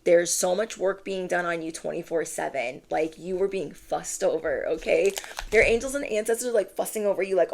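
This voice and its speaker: A woman giving a channeled tarot reading, speaking with animated, drawn-out emphasis while shuffling cards. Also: lowish voice, gravelly, a little hiss or hum. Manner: animated, drawn-out emphatic phrases, acts out quoted reactions. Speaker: tarot reader.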